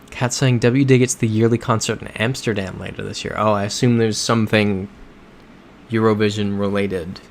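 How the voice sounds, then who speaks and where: A man hosting a casual livestream who reads viewer comments aloud and reacts to them in a laid-back way, with soft chuckles. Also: lowish voice, steady tone, unhurried, long pauses, a little hiss or hum. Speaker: livestream host. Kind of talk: casual livestream chat while playing a geography game.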